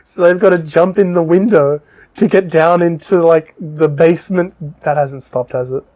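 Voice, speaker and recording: On a casual podcast, a male co-host with a voice on the high side and a darkish tone goes through a book's story at a moderate pace. He rambles, um-ing often and cursing freely.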